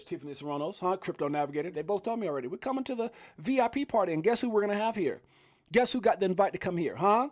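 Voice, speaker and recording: High-voiced hyped man hosting a stream. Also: expressive, fast talker. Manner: hyped, shout-outs to chat, loose rambling with laughs. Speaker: livestream host. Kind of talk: casual live crypto stream.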